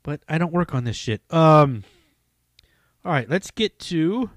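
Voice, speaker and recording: A man with a fairly high voice hosts his own podcast, rambling casually and swearing constantly as he raves about things he likes. The sound is close and dry, with no room around it. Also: expressive, a little slow, dry recording. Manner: rambling, heavily profane, enthusiastic. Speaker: podcast host. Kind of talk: casual solo podcast talk.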